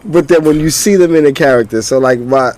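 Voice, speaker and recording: A middle-aged man in a casual round-table podcast chat, talking about his kids in a relaxed, reflective way. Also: on the high side, a little fast. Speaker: podcast guest.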